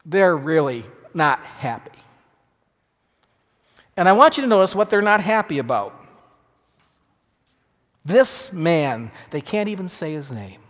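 A man, a pastor, preaching a sermon with emphatic swings between loud and hushed delivery. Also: on the high side, very animated, a little slow, long pauses. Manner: emphatic, dramatic shifts in loudness. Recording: long reverb of a large hall.

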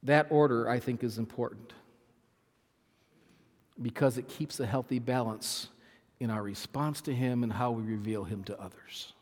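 A man preaching a sermon as pastor, emphatic, repeating phrases and swinging from loud to soft. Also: mid-range voice, normal speed, pauses often, in a large hall. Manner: emphatic, repeats phrases, swells and drops in volume.

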